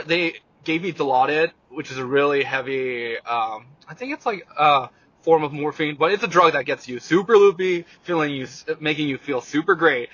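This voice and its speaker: A young man, a guest on an interview show, telling a personal story in a halting casual way with many fillers and restarts. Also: mid-range voice, sharp tone, no room sound, lo-fi sound.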